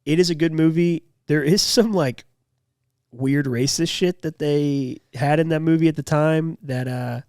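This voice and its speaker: A man's voice: fairly high pitch, a little slow, a little mellow, dry recording, clean studio sound. A young man co-hosting a podcast in loose, rambling casual chat full of fillers. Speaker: podcast co-host.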